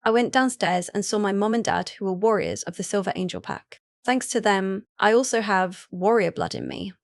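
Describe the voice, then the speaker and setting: A woman's voice: mid-range voice, normal speed, no room sound. A woman narrating a first-person story in a casual, chatty way with asides to the listener.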